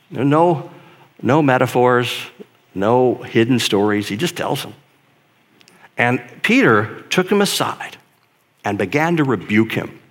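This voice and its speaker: A man preaching a sermon in a conversational, emphatic way, dropping to a hush and then building to loud stress. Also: mid-range voice. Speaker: pastor.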